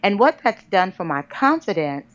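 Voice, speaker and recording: A woman author, a podcast guest, telling a personal story in an animated, conversational way and calling listeners "girl". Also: mid-range voice, normal speed. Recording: dull lo-fi podcast audio.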